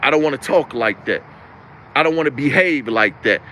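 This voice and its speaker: A man's voice: mid-range voice, animated, moderate pace, bright, forceful tone, slight background noise. A young man giving a preachy, emphatic, repetitive monologue as a live-stream host. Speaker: livestream host.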